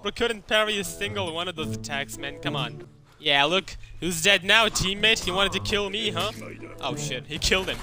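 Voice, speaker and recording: A man's voice: sits high, normal speed. A young man giving casual gameplay commentary, trash-talking and swearing at opponents. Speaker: gaming YouTuber. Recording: game music underneath.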